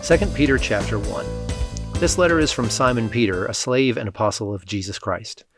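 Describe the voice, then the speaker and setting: A man giving a measured, scripted Bible reading, lightly voicing the quoted speech. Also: mid-range voice, music in the background. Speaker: scripture reader.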